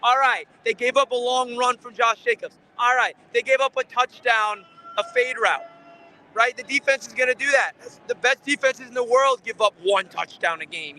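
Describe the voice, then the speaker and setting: A man's voice: very high-pitched, sharp tone, slight background noise. A man hosting a fan channel, giving an angry, frustrated live post-game rant outside a stadium, swearing often.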